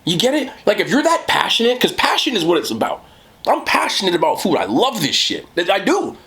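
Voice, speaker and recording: A young man rambling in casual talk while eating on camera, swearing and saying "bro" a lot. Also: a little fast. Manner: animated, swings from low mutter to high laughing jabs. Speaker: mukbang creator.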